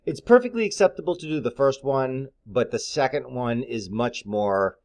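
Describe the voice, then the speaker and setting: A man's voice: medium pitch, moderate pace, few pauses, darkish tone. A middle-aged man, a massage therapist, giving casual, candid advice in a blunt, conversational way with plenty of fillers.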